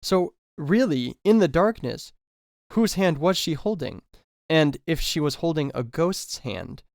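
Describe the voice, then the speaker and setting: A man's voice: fairly high pitch, expressive, a little slow, creaky, darkish tone, no room sound, studio quality. A man discussing a horror novel in a casual review, thinking aloud with fillers and self-corrections, and reading a passage aloud with dramatic emphasis. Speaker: book reviewer.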